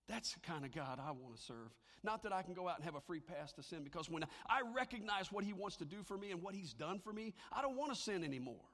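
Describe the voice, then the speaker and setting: A man delivers a sermon from the pulpit in a slightly high voice. He moves between animated, conversational preaching and soft, hushed lines for emphasis. The sound carries the long reverb of a large hall. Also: fast, hardly any pauses. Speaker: pastor.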